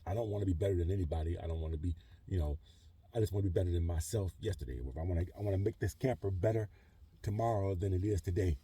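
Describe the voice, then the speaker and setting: A man's voice: low-pitched, fast, mellow, breathy edge. A middle-aged man talking in a rambling vlog monologue, full of "you know" and "whatever", from his truck camper. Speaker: vlogger living in a truck camper. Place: truck camper in a trailer park.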